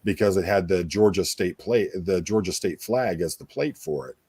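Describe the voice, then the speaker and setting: A man's voice: deep voice, moderate pace, mellow, husky, no echo, studio quality. A man hosting a casual talk show, rambling with many fillers and restarts. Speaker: podcast host. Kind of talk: casual chat.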